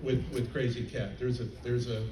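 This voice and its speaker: An older man chatting on a convention panel, halting with many fillers and restarts. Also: mid-range voice, little pitch movement. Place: convention hall panel stage. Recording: roomy, distant, faint crowd noise.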